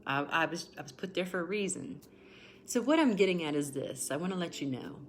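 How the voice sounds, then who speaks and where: Low-voiced emotional woman reading tarot. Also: expressive, fairly quick, slight background noise. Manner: emotional, repetitive, greets viewers by name. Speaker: tarot reader.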